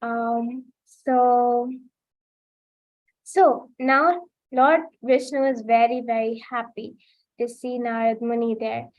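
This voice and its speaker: A woman's voice: on the high side, fairly even intonation, slow, a little mellow, muffled recording. A woman teaching a children's class over a video call, telling a story and checking in with the kids. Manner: keeps asking "right?" to engage the children.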